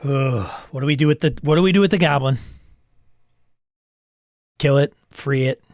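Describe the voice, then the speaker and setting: Man, wry, self-amused, text adventure read-along, mid-pitched, dry close sound. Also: normal speed, a little mellow, dry recording. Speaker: host. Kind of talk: reading aloud and reacting while playing a text adventure.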